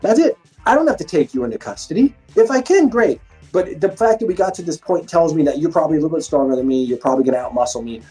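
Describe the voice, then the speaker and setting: Middle-aged ex-fighter, swears freely, acts out quotes, warm relaxed tone, fairly high voice. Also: male voice, fast talker, soft background music. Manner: profane, animated storytelling with acted-out quotes. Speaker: former MMA fighter, police defensive tactics instructor. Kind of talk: casual interview chat.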